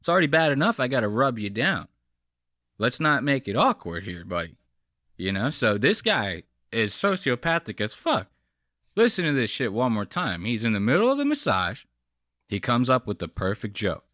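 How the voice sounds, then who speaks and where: A man's voice: mid-range voice, wildly swooping pitch, moderate pace, a bit bright, dry recording, studio quality. A man hosting a reaction channel, giving profane, mocking casual commentary on a clip.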